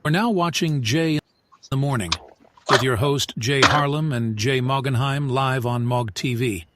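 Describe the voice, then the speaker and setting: A man's voice: mid-range voice, normal speed, over loud music, pitched above the performer's own voice, lightly acted. A man putting on a radio announcer intro voice. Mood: announcing. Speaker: show announcer.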